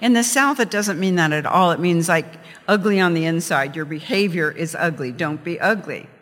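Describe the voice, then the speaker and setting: A man's voice: on the high side, normal speed, fairly bright tone, big-room sound, close to an everyday voice. A man voicing a Southern woman who emphatically corrects a friend. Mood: emphatic.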